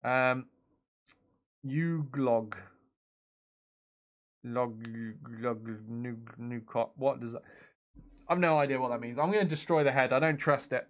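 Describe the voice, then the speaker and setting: Man streaming a game, casual chatty commentary, laughs often, mid-pitched voice, reads chat messages aloud. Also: unhurried, pauses often. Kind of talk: casual let's-play commentary.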